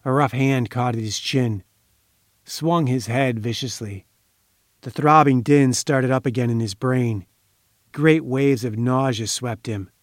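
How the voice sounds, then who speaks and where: A man reading a crime story aloud in measured, dramatic audiobook narration. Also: mid-range voice, no room sound, studio quality.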